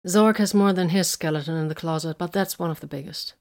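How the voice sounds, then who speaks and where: A woman voicing a shrewd, composed female inquisitor in an audiobook, calm and solemn. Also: fairly low pitch, a little fast, lightly acted.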